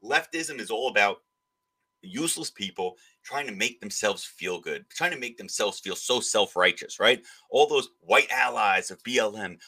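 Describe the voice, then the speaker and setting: A man's voice: fairly low pitch, expressive, moderate pace, sharp tone, husky. A man hosting a political podcast who rants emphatically and slips into mocking voices. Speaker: podcast host. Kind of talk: opinionated political podcast talk.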